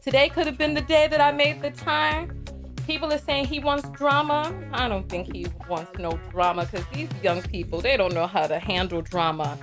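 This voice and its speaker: A woman hosts a live reaction stream, reading out viewer comments. She speaks bluntly and with clear exasperation, often repeating a word several times. Her voice sits a touch high, with faint music playing behind. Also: normal speed. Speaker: livestream host.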